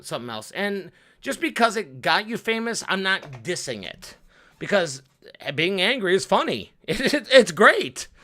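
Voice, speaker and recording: A man talking off the cuff in a vlog, with an upward inflection, swearing freely and repeating words as he goes. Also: clean tone. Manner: upward inflection, swings from loud rants to low mutters. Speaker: vlogger. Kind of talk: off-the-cuff monologue.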